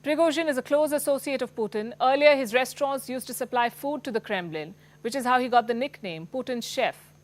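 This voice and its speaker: A woman's voice: sits high, fairly quick. A woman with an Indian English accent presenting the news as an anchor, in a pointed, emphatic scripted delivery.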